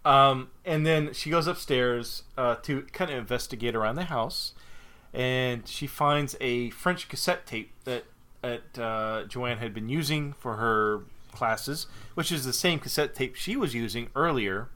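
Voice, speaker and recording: A man's voice: medium pitch, measured pace, bright, forceful tone. A man co-hosting a podcast, retelling a film plot step by step in casual chat, sometimes exasperated by interruptions. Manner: methodical, slightly exasperated. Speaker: podcast co-host.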